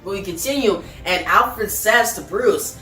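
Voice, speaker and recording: Man, comics recap host, loose filler-heavy delivery, bright tone, mic at a distance in an echoey room with faint music. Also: high voice, measured pace. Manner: rambling, filler-heavy, addresses viewers as guys. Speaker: comic book video host.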